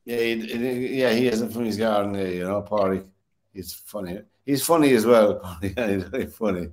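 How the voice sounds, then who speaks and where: A man's voice: lowish voice, brisk, darkish tone. A man on a sports panel show, chatting casually and often repeating words as he searches for them. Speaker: studio panelist.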